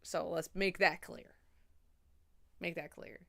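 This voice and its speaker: A young woman chatting casually on a livestream, rambling and swearing, a little drunk and high. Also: steady tone, slow, vocal fry, fairly bright tone.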